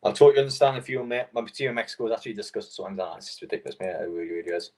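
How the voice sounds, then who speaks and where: Young male streamer, low husky voice, loose and profane, full of fillers. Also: expressive, rapid-fire, a little mellow. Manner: frustrated, swearing, rambling with fillers. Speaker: live stream host. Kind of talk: casual football watchalong chat.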